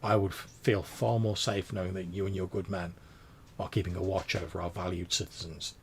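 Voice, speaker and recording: Brief: man playing a soft-spoken duchess, calm and polite, gravelly underneath. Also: low voice, slight background noise. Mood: courteous. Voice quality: quiet, measured. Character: poised female duchess in her fifties.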